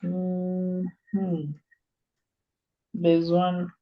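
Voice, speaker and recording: A language teacher speaking slowly and patiently on a video call, laughing often. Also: mid-range voice, monotone, highs cut off, faint music behind. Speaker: Swahili teacher. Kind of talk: online language class.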